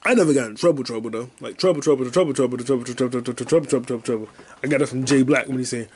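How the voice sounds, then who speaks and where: A man hosting a podcast alone, telling crude, rambling stories and bursting into loud high yelps and sound effects. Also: rapid-fire, a little hiss or hum. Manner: profane, rambling storytelling. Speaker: podcast host. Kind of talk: casual solo podcast monologue.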